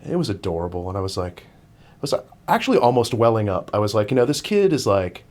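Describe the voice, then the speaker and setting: A man's voice: fairly low pitch, big pitch swings, fast, darkish tone. A man, a podcast guest, telling a long story in casual chat, with many restarts and fillers.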